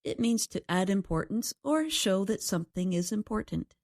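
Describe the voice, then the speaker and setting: A woman co-hosting a scripted English lesson at a medium pitch. She speaks in calm, even sentences and explains words simply for learners. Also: normal speed. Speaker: co-host and English teacher. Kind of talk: scripted teaching dialogue.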